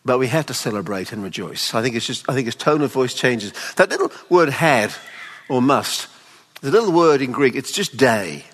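A man preaching a sermon at a weekend away, expressive and pleading, often acting out the people in the story. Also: mid-range voice, moderate pace. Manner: expressive, voices the father pleading tenderly. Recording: long hall reverb.

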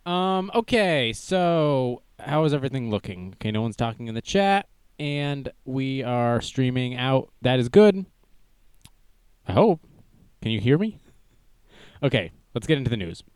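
A man's voice: mid-range voice, big pitch swings, a little slow, darkish tone, clean tone, no room sound. A young man hosting a casual livestream news show, joking and self-deprecating as he goes. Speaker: news stream host.

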